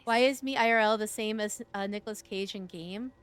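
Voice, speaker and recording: A woman's voice: mid-range voice, fairly quick, clear, resonant tone. A woman streaming live, chatting casually with her viewers in a flirty, teasing, playful way. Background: music.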